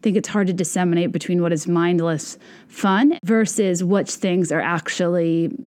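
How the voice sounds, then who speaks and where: A woman's voice: lowish voice, fairly even intonation, normal speed, a little mellow. A young adult woman hosting a podcast, talking in a wry, self-deprecating, rambling monologue. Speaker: podcast host. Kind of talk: casual comedic monologue.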